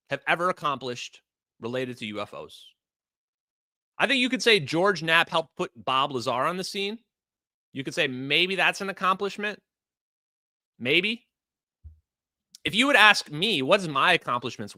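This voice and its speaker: A man's voice: a little high, bright, forceful tone, no room sound. A man hosting a livestream, delivering heated, emphatic commentary full of rhetorical questions. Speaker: livestream host.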